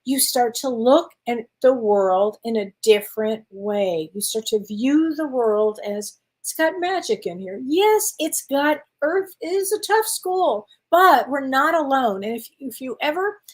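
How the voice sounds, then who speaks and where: A woman's voice: a little high, expressive, unhurried, few pauses. A woman, a spiritual medium chatting encouragingly with viewers on a live stream. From Wisconsin, USA. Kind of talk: casual live-stream chat reading viewer comments.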